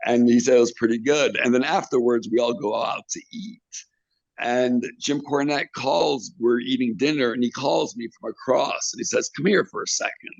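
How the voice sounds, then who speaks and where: A man's voice: mid-range voice, normal speed, gravelly, dry recording. A man in an interview, a wrestling manager and trainer, telling stories with animation and acting out other people's lines. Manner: animated, acts out quotes in others' voices. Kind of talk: interview storytelling. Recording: dull lo-fi recording.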